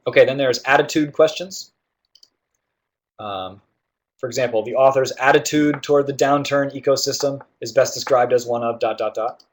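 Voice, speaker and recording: A man's voice: medium pitch, steady tone, moderate pace. Man explaining test questions, "right?" check-ins. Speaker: tutor. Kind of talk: guided test-prep walkthrough.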